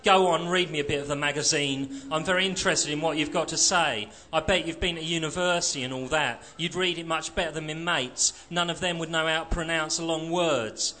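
A man voicing a surly, combative young male skinhead with rough, mocking working-class speech. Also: a little high, fairly even intonation, a little fast, hardly any pauses, bright, forceful tone, faint music behind. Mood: angry.

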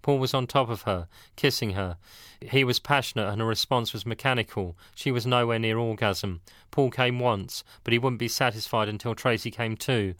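A man narrating an audiobook in a steady, matter-of-fact reading. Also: medium pitch, normal speed, no room sound, studio quality.

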